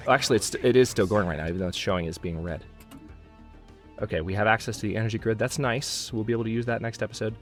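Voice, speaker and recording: A man's voice: on the low side, rapid-fire, faint music behind. A man hosting a gameplay video, commenting as he plays and growing exasperated, talking to himself. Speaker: let's play host.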